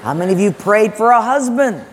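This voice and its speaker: A man's voice: high-pitched, big pitch swings, a little fast, crowd noise, background noise. A man preaching a sermon as pastor, conversational and joking, putting questions to the congregation. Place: large church sanctuary. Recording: long church hall reverb.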